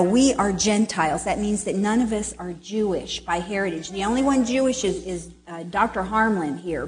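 A middle-aged woman with a somewhat high voice leads a children's sermon. She talks in a chatty, loose way and acts out little quoted reactions with a long "ah".

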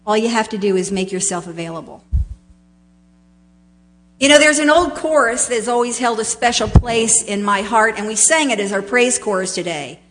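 A woman preacher delivering a sermon, slow and emphatic, with dramatic pauses and rising swells on key words. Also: on the high side, expressive.

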